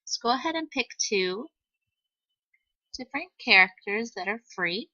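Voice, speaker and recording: A woman teacher records a screen-capture software tutorial through a computer microphone, walking through it patiently step by step with "um" fillers. Her fairly high voice is expressive at normal speed; the audio has no echo but sounds dull.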